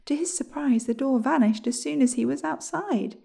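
A woman reading a children's storybook aloud in a lively, expressive way. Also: sits high, moderate pace, vocal fry.

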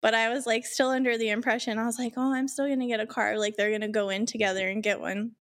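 A woman's voice: a little high, little pitch movement. A woman in casual podcast chat, telling a story with frequent laughter. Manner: laughing storyteller, quick giggles.

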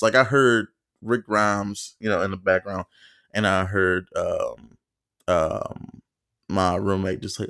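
A man's voice: on the low side, little pitch movement, normal speed, gravelly, fairly bright tone, no room sound, studio quality. A man hosting a solo podcast, telling a story in a casual, profane, rambling way with lots of fillers and acted-out quotes. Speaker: podcast host.

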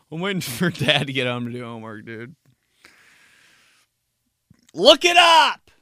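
A young man hosting his own podcast, telling loose, profane stories with quick asides. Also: mid-range voice, expressive, sharp tone, dry recording, studio quality. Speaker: podcast host. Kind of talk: casual solo podcast monologue.

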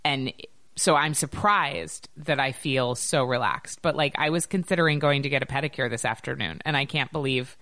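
Woman podcast host, thirties, low-pitched and chatty with an upbeat lift, recorded close and dry. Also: moderate pace, fairly bright tone, dry recording. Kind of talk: casual podcast chat.

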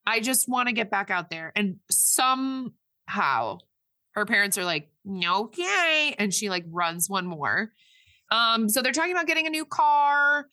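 A woman's voice: mid-range voice, expressive, moderate pace, sharp tone, no room sound. A woman casually retelling a movie plot in a chatty podcast conversation, rambling with lots of fillers and restarts. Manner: rambling, filler-heavy retelling with quoted voices. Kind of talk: casual movie recap chat.

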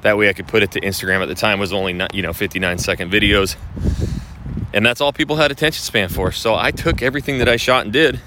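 A man's voice: on the low side, quick pace, sharp tone. Blunt, profane man ranting over noise. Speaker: video marketing coach for real estate agents. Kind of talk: casual monologue to camera.

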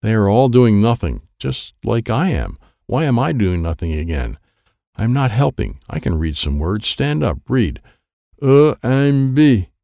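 A man's voice: lowish voice, very animated, moderate pace, gravelly, dark tone, dry recording, studio quality. A man reading a children's book aloud in first person, in plain short sentences. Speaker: audiobook narrator.

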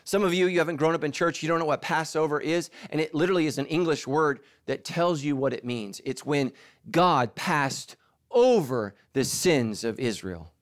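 A man's voice: on the high side, normal speed. A middle-aged man from Southern California, a pastor preaching a sermon and telling stories with acted-out voices. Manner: animated storytelling, acts out quotes.

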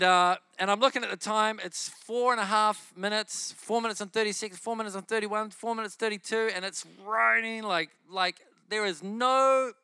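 A man preaching and telling a testimony story in an animated way, often laughing as he talks. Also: sits high, clear, resonant tone, dry recording, clean studio sound.

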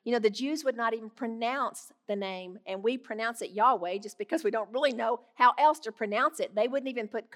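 Middle-aged woman, earnest Bible teacher, slightly higher voice, warm conversational delivery. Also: a little fast, hardly any pauses.

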